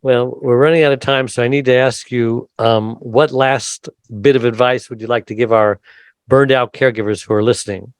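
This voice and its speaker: A man hosting a podcast interview, easygoing and quick to joke and laugh. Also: mid-range voice, steady tone, smooth, dry recording. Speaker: podcast host. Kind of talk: conversational interview.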